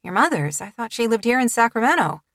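A woman's voice: a little high, sing-song, fast talker, fairly bright tone, no echo, voice pushed up. Brief: a dry-witted woman artist on the phone, read by the narrator, audiobook, close dry sound. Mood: flippant.

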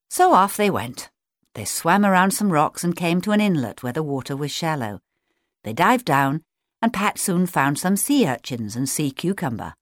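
Low-voiced woman reading a children's story. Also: dry recording, studio quality. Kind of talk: children's story read aloud.

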